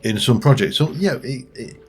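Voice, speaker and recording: A man's voice: mid-range voice, expressive, moderate pace. A man giving casual, meandering let's play commentary and talking to the creatures in his game as he plays. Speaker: gaming channel host. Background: faint background music.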